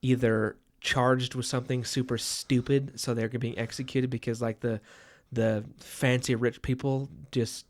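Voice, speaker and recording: A man's voice: mid-range voice, level tone, measured pace, hardly any pauses. Musing man who stammers and repeats. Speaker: podcast co-host. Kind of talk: casual book discussion.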